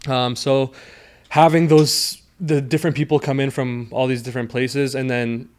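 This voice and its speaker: A man as an interview guest, explaining things earnestly in a measured way about his team. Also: mid-range voice, little pitch movement, a little mellow. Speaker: guest, sales team leader. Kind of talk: casual interview chat.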